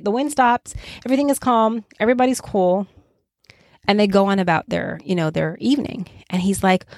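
A woman teaching a relaxed Bible study, talking conversationally with frequent "right?" asides and lively quoting. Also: medium pitch, no echo. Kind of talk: casual Bible study talk.

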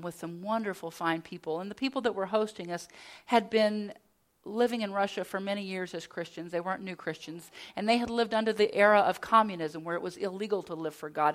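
Middle-aged woman giving a sermon, earnest, tells stories in a chatty way, mid-pitched voice. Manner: earnest storytelling with conversational asides. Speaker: pastor's wife preaching.

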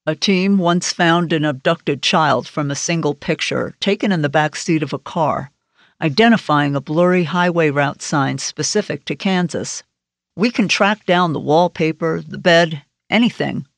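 A woman narrator voicing an earnest male investigator in an audiobook, speaking in a measured way. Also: sits low, no room sound. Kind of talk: audiobook character voice.

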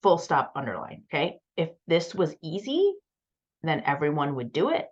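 A woman business coach speaks casually to her students, her voice sitting a little low. She is chatty and encouraging, with frequent fillers. The recording sounds dull and lo-fi. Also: sing-song, normal speed. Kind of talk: casual talk in an online bootcamp session.

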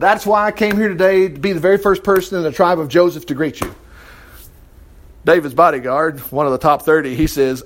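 A man teaching an informal Bible study, reading scripture aloud and breaking in with lively comments. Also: high voice, a little fast.

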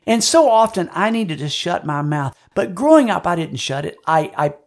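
A man's voice: high-pitched, big pitch swings, moderate pace. A man preaching a sermon in an earnest, personal testimony style, repeating words when he presses a point. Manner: earnest, personal testimony with frequent swings in loudness. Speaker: pastor.

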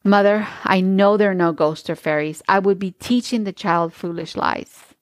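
A woman's voice: medium pitch, moderate pace, no echo, close to an everyday voice. A woman reading aloud as a poor young mother who speaks with doubt and bitterness. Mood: doubtful.

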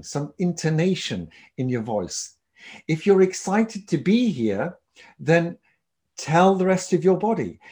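Lively male speaking coach. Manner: animated, wide swings of loudness and pitch to demonstrate. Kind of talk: presentation skills lesson.

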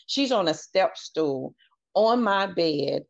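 This podcast guest has a lowish, animated voice with vocal fry and takes her time. She tells her story with earnest candor, performing others' lines in her own voice, over dull lo-fi audio.

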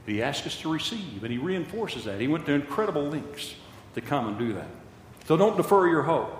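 A man's voice: on the high side, sing-song, brisk, slight background noise. An older man preaching a sermon with passion, repeating phrases for emphasis, recorded in a large church hall. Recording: echoey hall with long reverb.

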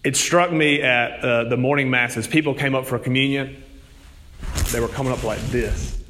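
A man's voice: medium pitch, fairly even intonation, normal speed, bright, forceful tone, a little hiss or hum. A man, a priest, preaching a sermon in a conversational storytelling way, with rising emphasis. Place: church. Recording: long hall reverb.

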